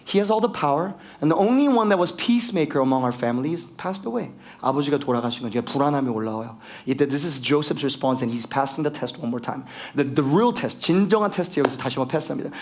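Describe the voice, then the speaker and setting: Fired-up, fast-talking preacher man. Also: on the high side, lively intonation. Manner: switches between English and Korean, rising to shouts for emphasis; fired up, preaching with rising intensity. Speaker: pastor. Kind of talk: bilingual sermon.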